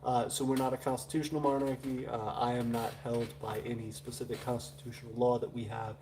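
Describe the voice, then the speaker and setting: A man's voice: mid-range voice, level tone, brisk, gravelly, background noise. A man with a Southern US accent, hosting a live stream and chatting loosely through viewer comments with many filler sounds. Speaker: livestream host. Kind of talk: casual live chat reading viewer comments.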